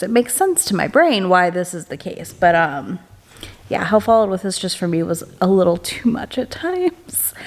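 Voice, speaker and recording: Young woman book vlogger, casual chatty delivery, upbeat, lots of "um" and "like". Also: mid-range voice. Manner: chatty and upbeat, with many fillers and restarts; hushed late-night whisper. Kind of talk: casual reading vlog chat.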